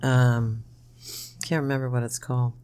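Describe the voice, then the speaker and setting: A podcast co-host in casual chat, an animated storyteller who laughs often and keeps saying "you know". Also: normal speed, clean tone. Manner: animated storyteller, jumps into high-pitched impressions, laughs often.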